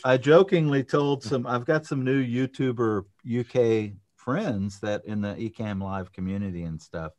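A man co-hosting a live podcast in casual chat, upbeat and quick to laugh. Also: medium pitch, darkish tone. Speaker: podcast co-host.

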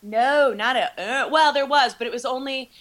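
A woman's voice: high voice, normal speed, background noise. A woman guest on a podcast over a remote call, chatting playfully and laughing at herself. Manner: playful, giggly, self-deprecating. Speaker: podcast guest, YouTube creator. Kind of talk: casual chat.

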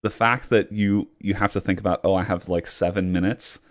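Podcast guy, deeper voice, thinking out loud slowly. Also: fairly even intonation. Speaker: podcast co-host. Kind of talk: casual chat.

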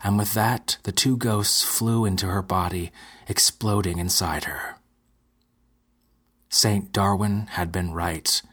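Husky, deep male narrator, measured delivery, dark fiction audiobook. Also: steady tone. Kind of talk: scripted narration.

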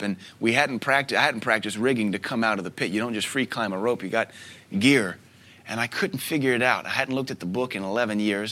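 A man in his thirties preaching a sermon as a pastor, telling stories with soft asides and sudden loud bursts. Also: mid-range voice. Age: 30s.

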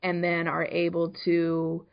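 A woman's voice: on the low side, monotone, takes it slowly, creaky, highs cut off. A woman who works in early childhood education, talking earnestly on a podcast about play and learning. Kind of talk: casual podcast chat.

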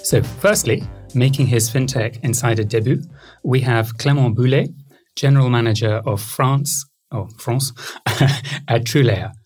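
A man's voice: medium pitch, unhurried, darkish tone, breathy edge, faint music behind. A man hosting a podcast, friendly and self-deprecating, with a few fillers. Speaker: podcast host.

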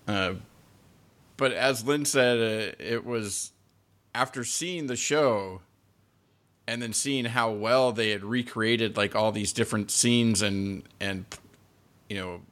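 A man hosting a podcast, speaking in a relaxed, halting way with many pauses and fillers. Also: lowish voice. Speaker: podcast host. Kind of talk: casual chat.

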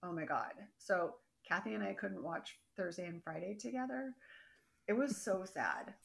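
A woman co-hosting a casual podcast, recapping episodes in an animated, exasperated way and acting out what the characters say. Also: mid-range voice, moderate pace, vocal fry. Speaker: podcast co-host.

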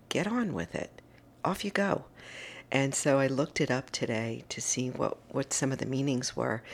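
A woman's voice: rumbling low, gravelly. A middle-aged woman hosting a morning message, chatting in a casual, enthusiastic, motivational way. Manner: chatty and enthusiastic, gushing over favourite things. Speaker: host of a daily morning message.

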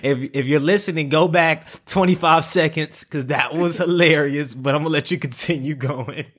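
A man's voice: on the high side, normal speed, fairly bright tone. A man hosting a podcast interview in a playful, easy-laughing casual way. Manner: playful, laughs easily, loose casual phrasing. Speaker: podcast host.

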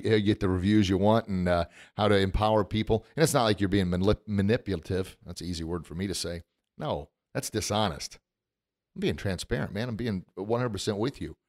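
A middle-aged man hosting a motivational podcast, standing at a studio microphone and talking with animated emotion, often laughing at himself. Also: on the low side. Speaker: podcast host. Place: recording studio.

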